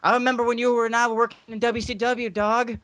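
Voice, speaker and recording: A man's voice: very high-pitched, little pitch movement, fast talker, a bit bright, no room sound, pitched above the performer's own voice. A man doing a comic impression of a swaggering older male wrestling manager who talks in street slang. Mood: easygoing. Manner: streetwise slang, calls people dog and player.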